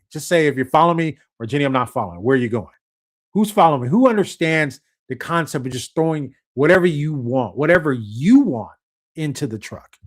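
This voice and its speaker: Man, live-stream host, mid pitch, loose and chatty, repeats himself and checks in with his audience often. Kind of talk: casual live-stream talk to viewers.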